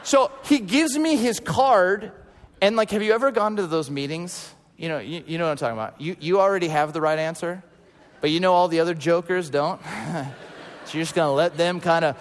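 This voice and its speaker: A man's voice: on the high side, normal speed. A man preaching a sermon in a casual storytelling way, acting out the people in his stories. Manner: casual and animated, acts out quotes. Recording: long hall reverb.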